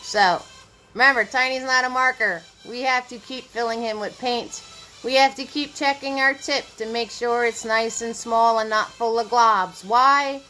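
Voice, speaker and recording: Bright, cheerful woman teaching painting. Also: a little high, rough recording. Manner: chatty and encouraging, greets viewers by name. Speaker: paint party instructor. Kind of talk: live online painting lesson.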